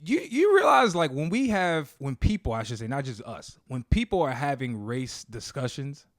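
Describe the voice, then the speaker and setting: A man's voice: medium pitch, big pitch swings, moderate pace, fairly bright tone, no room sound, studio quality. A man co-hosting a casual podcast debate, talking animatedly and acting out quoted people in a raised voice. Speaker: podcast co-host.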